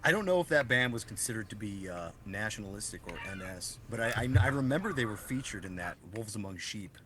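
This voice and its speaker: A man's voice: lowish voice, expressive, fast, sharp tone. A young man co-hosting a podcast in casual chat, rambling and hedging with many restarts. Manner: rambling, hedging, self-interrupting. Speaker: podcast co-host.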